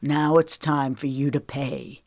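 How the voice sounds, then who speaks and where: A woman's voice: rumbling low, steady tone, unhurried, darkish tone, no echo, studio quality. Woman voicing a bitter, vengeful man. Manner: contemptuous, mocking. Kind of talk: audiobook character reading.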